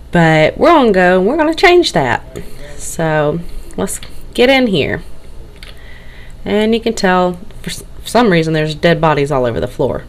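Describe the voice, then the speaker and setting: A woman with a Southern drawl narrates a casual game walkthrough, her voice sitting a little low. She sounds tired and nervous, rambling and tripping over her words as she goes. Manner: rambling, tongue-tied, nervous. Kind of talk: casual screen-recorded walkthrough.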